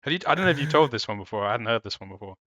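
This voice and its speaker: A young male host chatting casually with his guest, his voice bright and forward. The sound is dry and close, with no room around it. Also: mid-range voice, animated, very fast, dry recording. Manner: casual, swears, prompts for stories. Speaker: interview host. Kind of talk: casual interview chat.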